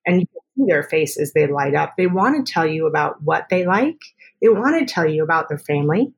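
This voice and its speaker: Chatty speech therapist woman, lowish voice. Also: very animated, slightly rough. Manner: chatty, explains with quick examples. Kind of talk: podcast interview.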